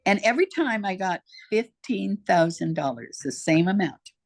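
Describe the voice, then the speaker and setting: A woman's voice: medium pitch, expressive, normal speed. An older woman telling her life story as an interview guest, emphatic and heartfelt, talking straight to the host. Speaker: podcast guest.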